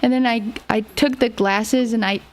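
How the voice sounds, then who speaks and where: A woman's voice: on the high side, fairly even intonation, normal speed. A young woman streamer chatting casually, rambling through a story and giggling often. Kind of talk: casual livestream chat.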